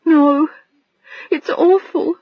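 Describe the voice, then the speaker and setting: A woman's voice: high-pitched, normal speed, dry recording, lo-fi sound, pitched above the performer's own voice. A woman narrator voicing a tearful, overwhelmed young woman whose voice trembles and breaks. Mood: sobbing.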